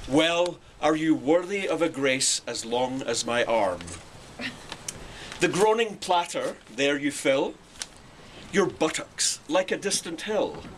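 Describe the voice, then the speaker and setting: Slow, dramatic man reciting, faint hiss. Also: fairly high pitch. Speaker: reciter of a poem. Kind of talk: poetry recitation. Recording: online clip with faint background noise.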